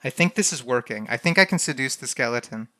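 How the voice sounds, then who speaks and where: A man's voice: mid-range voice, animated, fast, sharp tone, dry recording. A young man streaming a text adventure game, reading the game text aloud in a casual, flustered way and often laughing. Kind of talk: casual live-stream commentary.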